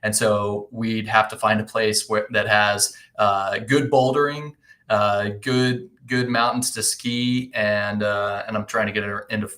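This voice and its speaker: A man's voice: lowish voice, level tone, measured pace, pushed and bright. A man as a podcast guest in casual chat, earnest and thoughtful, often restarting his sentences.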